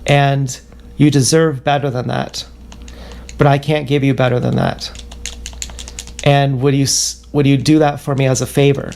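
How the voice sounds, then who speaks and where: A man livestreaming a rambling confessional monologue, halting and self-questioning, circling back over the same words. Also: mid-range voice, flat delivery, vocal fry, a little mellow.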